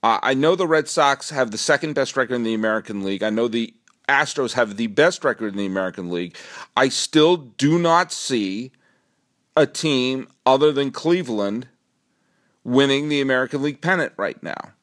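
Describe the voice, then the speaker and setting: A middle-aged man with a New England accent hosting a solo sports podcast, rambling and animated, swinging from low asides to excited outbursts. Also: normal speed. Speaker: podcast host.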